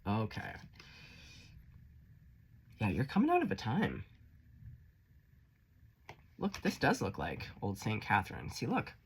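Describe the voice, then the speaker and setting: A man's voice: fairly low pitch, huge pitch swings, takes it slowly, gravelly, long pauses, breathy edge. A man giving a casual tarot reading, chatty and encouraging, swearing freely. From Canada. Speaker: tarot reader.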